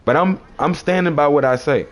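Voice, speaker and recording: A man's voice: on the high side, fairly quick. A man on a livestream, arguing with chat commenters in a preachy, confrontational way and repeating his phrases.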